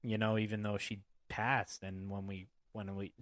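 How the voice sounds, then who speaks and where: A man's voice: fairly low pitch, level tone, moderate pace, fairly bright tone, no room sound, clean studio sound. A man hosting a casual podcast, telling stories in a profane, rambling way. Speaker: podcast host. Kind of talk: casual chat.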